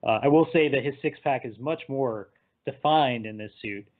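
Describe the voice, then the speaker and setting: A man recapping a film in casual chat, animated and laughing, sometimes acting out the characters. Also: mid-range voice, normal speed. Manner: animated, acts out characters in quotes, laughs often. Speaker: podcast co-host. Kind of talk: casual movie discussion. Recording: tinny phone-like line.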